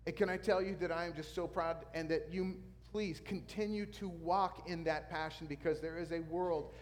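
Animated male pastor preaching. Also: on the high side, moderate pace, big-room sound. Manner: animated storytelling with sound effects. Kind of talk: sermon.

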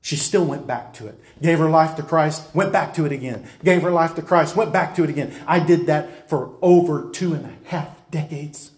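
A man's voice: on the high side, normal speed, few pauses. A man preacher giving a dramatic testimony, insistent and emphatic, acting out scenes as he talks. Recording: roomy echo.

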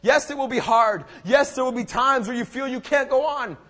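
High-voiced young man preaching. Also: normal speed, pushed and bright. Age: young adult. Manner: emphatic, impassioned, repeats phrases. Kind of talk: sermon. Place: church service.

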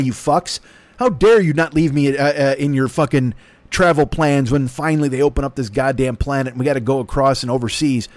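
Speaking on the high side and fairly quickly, with no room sound, an older podcast host goes it alone on a laptop mic. The result is a rambling comic rant full of profanity and jokes at his own expense.

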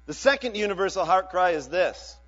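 High-voiced preaching man, dramatic swings. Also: lively intonation, brisk. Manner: dynamic, swings from loud to hushed. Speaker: pastor. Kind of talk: sermon. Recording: dull lo-fi with mains hum.

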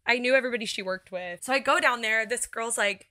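Bright-voiced woman telling a story. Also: a little high, a little fast. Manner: expressive, laughing storyteller. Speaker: podcast guest. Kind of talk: casual storytelling chat.

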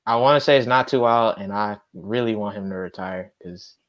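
A man's voice: fairly low pitch, moderate pace, dull audio. A young man co-hosting a casual sports chat, slangy, saying "bro" a lot. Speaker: podcast co-host.

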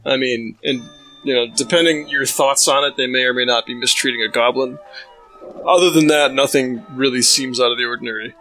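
A man's voice: medium pitch, fairly even intonation, a little fast, sharp tone, faint music behind, rough recording. A man narrating a tabletop game as game master, describing scenes loosely with many fillers.

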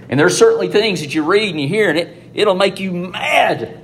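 A man giving an informal, conversational sermon to students, swinging between loud emphasis and hushed asides. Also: high voice, expressive, normal speed, slight background noise. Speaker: preacher addressing students.

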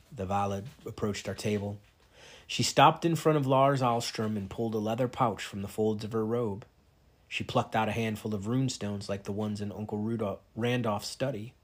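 A man's voice: on the low side, steady tone, moderate pace. A man reading a novel aloud, narrating steadily in the first person. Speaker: reader.

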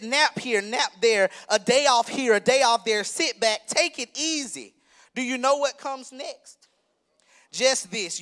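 A young adult man preaching a sermon, emphatic and conversational, rising to shouts. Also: extremely high pitch. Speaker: minister preaching.

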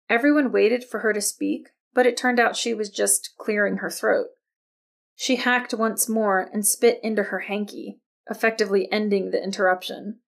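A woman narrating a novel as an audiobook, reading in a steady, even storytelling manner. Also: medium pitch, gravelly. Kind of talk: scripted narration.

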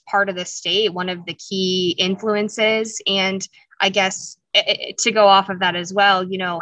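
Bright-voiced woman interviewer, dry sound. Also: lowish voice, no echo, poor audio. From Wisconsin. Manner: curious, rambling questions with "you know". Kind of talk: interview questions.

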